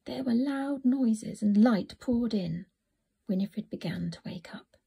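A woman narrating a children's storybook in a soft, often whispered reading voice. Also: on the high side, slow, vocal fry, slightly rough.

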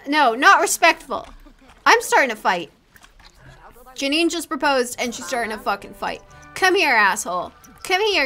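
A woman's voice: sits high, sharp tone. A woman hosting a let's play, giving profane, reactive gameplay commentary and talking back to the characters on screen.

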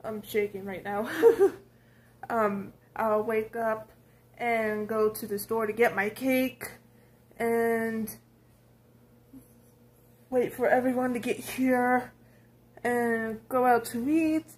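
A nineteen-year-old woman vlogging at home at night, talking in a giddy, rambling way with breathless excitement, recorded on a handheld phone. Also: fairly high pitch, slow pace, long pauses. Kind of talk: casual birthday vlog.

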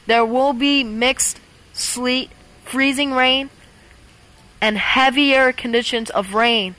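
A woman's voice: fairly high pitch, poor audio. A woman doing a stiff robotic weather-alert announcer. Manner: slow, flat announcing drone.

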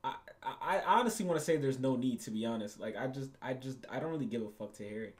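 At a quick clip and in a mid-range voice, a young YouTuber reacts to a game. His talk is rambling and crude, peppered with profanity, repetition, and laughter at his own wisecracks.

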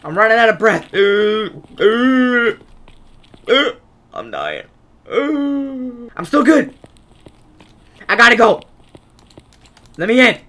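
Playing a horror game, a gaming creator speaks slowly in a mid-range voice with big pitch swings and long pauses. They read the on-screen text aloud, joke back at it, and sometimes yell playfully when things get tense.

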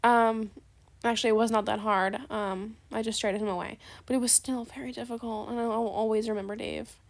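A woman's voice: a little high, fairly even intonation, a little fast. Sarcastic, dramatic young woman gamer. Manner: dramatic and sarcastic, with gasps and soft asides; chatty, calls viewers "besties". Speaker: gaming video creator. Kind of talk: casual gameplay commentary.

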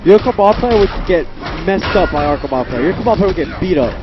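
A man's voice: high voice, animated, quick pace, muffled recording, over music. A man commentating a fighting game match with teasing, playful banter. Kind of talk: casual esports commentary.

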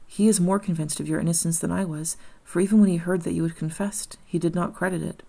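A woman's voice: fairly low pitch, steady tone, fast talker, vocal fry, mellow, slightly rough. A woman voicing a grieving young woman who earnestly pleads for her condemned friend, in an audiobook reading. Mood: pleading.

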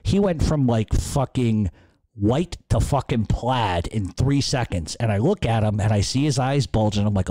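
A man's voice: mid-range voice, lively intonation, normal speed, dark tone, no echo. A man hosting a podcast, telling a rambling, profanity-laced story. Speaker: podcast host. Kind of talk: casual storytelling.

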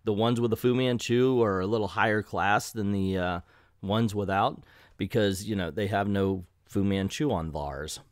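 A man's voice: fairly low pitch, steady tone, moderate pace, no room sound, studio quality. A man hosting a casual comedic comic book review, sarcastic and exasperated.

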